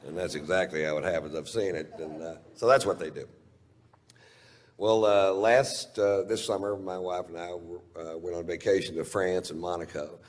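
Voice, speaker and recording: A man's voice: sits low, moderate pace, big-room sound. A male stand-up comedian telling a long story, rambling and profane, often chuckling at his own lines.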